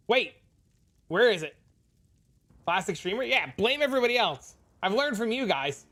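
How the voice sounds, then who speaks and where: A man's voice: sits high, moderate pace, long pauses, soft background music. A man streaming live, chatting and ranting casually to his viewers while reading their comments aloud. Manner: animated, ranting, reads chat aloud.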